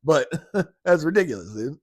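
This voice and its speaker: A man hosts a podcast, reacting to clips in loose, slangy talk and laughing often. His voice sits mid-pitch, and the sound is dry and close. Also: big pitch swings, normal speed, dry recording. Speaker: podcast host. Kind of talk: casual commentary.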